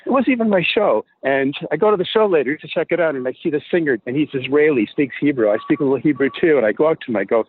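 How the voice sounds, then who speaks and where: A man telling an animated story as a guest on a podcast, acting out the people in it. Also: a little high, racing, few pauses, slightly rough, no room sound. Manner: animated storyteller, acts out voices. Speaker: guest promoter. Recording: tinny phone line.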